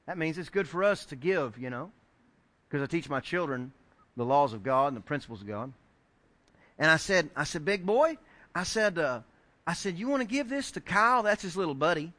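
A middle-aged male pastor preaching with a high, bright voice. He tells stories in an animated way, acts out the voices of the people in them, and pushes up into near-shouts to land his points. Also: normal speed. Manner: animated storyteller acting out quoted voices, rising to shouts. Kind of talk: sermon with storytelling.

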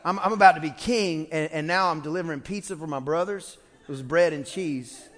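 A man's voice: a little high, brisk, fairly bright tone. A man preaching a sermon as pastor, telling a story in a humorous, conversational way with frequent restarts. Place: church sanctuary. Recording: long church-hall reverb.

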